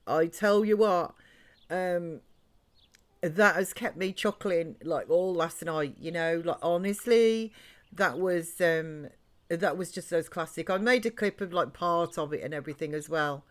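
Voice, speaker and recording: A woman's voice: fairly low pitch, a little slow. Rambling woman streaming a game. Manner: chatty, rambling, talks to chat and game characters. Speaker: live streamer. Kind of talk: live-stream gameplay chat.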